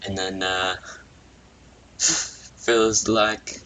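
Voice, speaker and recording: A man narrates a goofy story while he draws, talking slowly in a low but bright, forceful voice. He rambles, amuses himself and mutters asides into a computer microphone with a faint hiss behind him. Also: steady tone. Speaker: video creator. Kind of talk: casual narration while drawing.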